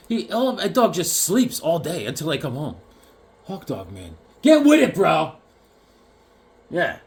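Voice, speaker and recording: A man chatting casually about comic books, jokey and animated, now and then acting out the characters. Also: fairly high pitch. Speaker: comic collector vlogger. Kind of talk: casual chat.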